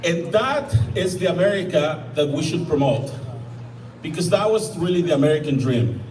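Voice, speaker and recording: A man's voice: a little high, expressive, normal speed, a little mellow, a little hiss or hum. A man from Mexico with a Mexican Spanish accent gives an impassioned outdoor rally speech, often stumbling and restarting. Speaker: rally speaker. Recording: echoey, from far off, crowd behind.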